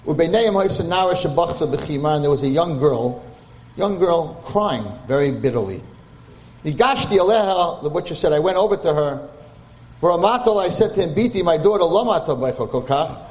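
A man's voice: on the high side, animated, brisk, a little mellow. Man retelling a Torah story. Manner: translating Hebrew text line by line, mixing Yiddish and Hebrew terms. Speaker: Torah lecturer.

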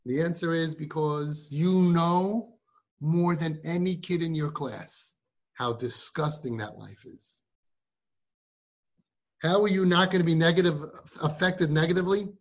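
A man's voice: a little high, unhurried. A man who guides families, giving a live talk to a group of girls and firing rhetorical questions at them. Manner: rhetorical, fires questions at the audience. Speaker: parenting guide addressing siblings. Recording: muffled recording.

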